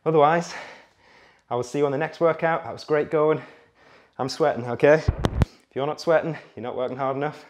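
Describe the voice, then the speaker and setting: A man's voice: fairly high pitch, steady tone, quick pace, dull audio. A young man leading a beginner workout as fitness coach, counting reps and urging listeners on while out of breath. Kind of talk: guided workout instruction.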